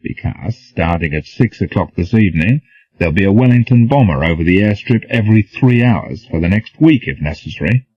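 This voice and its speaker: A man voicing a calm, dry-witted male commando leader who speaks without heat, in a storybook reading. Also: deep voice, fairly quick, husky. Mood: steady. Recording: dull, dry, lo-fi.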